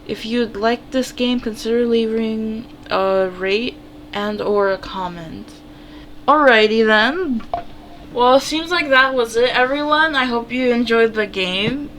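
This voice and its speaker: A woman's voice: a little high, measured pace, a bit bright, a little hiss or hum. Woman gamer reading a story game aloud; casual, giggly.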